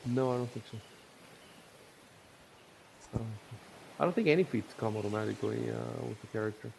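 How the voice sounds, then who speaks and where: A man's voice: medium pitch, brisk, vocal fry, darkish tone, a little hiss or hum, low-quality recording. A man running a tabletop game, explaining rules with many fillers and restarts. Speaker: game master.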